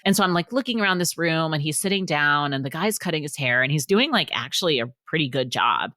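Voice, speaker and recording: A woman's voice: deep voice, lively intonation, fast, sharp tone, no room sound, studio quality. A woman author talking as a podcast guest, telling stories animatedly and acting out the quotes. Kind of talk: casual storytelling in a podcast interview.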